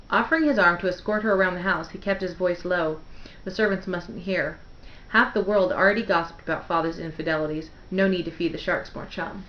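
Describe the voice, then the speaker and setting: Roomy, low-voiced woman reading a novel. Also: a little hiss or hum. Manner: measured, expressive narration. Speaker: book reader. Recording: roomy, dull lo-fi home recording.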